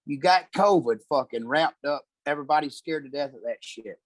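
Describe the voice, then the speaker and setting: A man's voice: a little high, a little fast, dry recording. A man, a comedian guest telling profane, rambling stories in casual chat.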